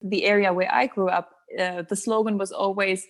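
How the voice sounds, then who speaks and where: A woman in her thirties talks as a podcast guest, speaking English. She thinks aloud and searches for her words, in an everyday mid-pitched voice. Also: little pitch movement, normal speed. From Germany. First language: German. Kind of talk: casual interview chat.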